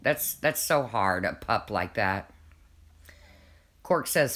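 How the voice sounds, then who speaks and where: Livestreamer, casual chat, rambling storyteller, frequent restarts, mid pitch. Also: lively intonation, takes it slowly, a bit bright. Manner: chatty, rambling, restarts often, laughs at own stories.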